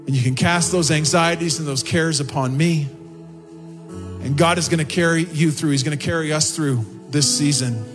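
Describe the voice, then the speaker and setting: Male pastor, impassioned sermon delivery, high voice, faint music under. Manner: impassioned preaching, rising in pitch on quotes and prayers. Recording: long hall reverb with faint music behind. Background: soft music.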